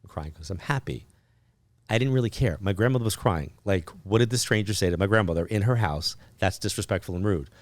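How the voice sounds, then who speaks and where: A man with a fairly low voice tells a personal story as a podcast guest, chatty and loose, sprinkling in fillers. He acts out bits of remembered dialogue with lively energy. The sound is dry and close, with no room echo. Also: fast talker, few pauses. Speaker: podcast guest, psychic medium. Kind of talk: casual storytelling interview.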